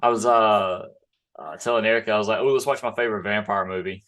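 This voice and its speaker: A man's voice: on the low side, fast, fairly bright tone. Chatty man, guest on a movie chat. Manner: chatty, laughs often, trails off mid-thought. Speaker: podcast guest. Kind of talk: casual movie watch-along chat.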